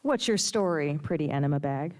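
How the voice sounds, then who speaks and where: A woman's voice: sits low, animated, brisk, a little mellow. A woman reading aloud, voicing a bossy, mocking female nightclub owner who is a gangster's wife.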